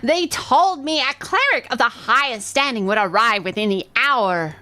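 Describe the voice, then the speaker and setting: A woman voicing a tiny, shrill female goblin chieftain who speaks with haughty disdain in a game. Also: expressive, moderate pace, sharp tone. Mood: disdainful. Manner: haughty, sneering.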